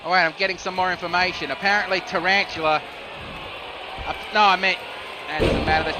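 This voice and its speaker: A man with a fairly high voice gives solo play-by-play of a video game wrestling match, calling each move in a steady stream. He jumps up in pitch and volume when a pin is kicked out of or a move is reversed. Clear background noise runs under his voice. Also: fairly quick, long pauses. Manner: steady move-by-move calls, rising sharply on near falls and reversals. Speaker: play-by-play commentator.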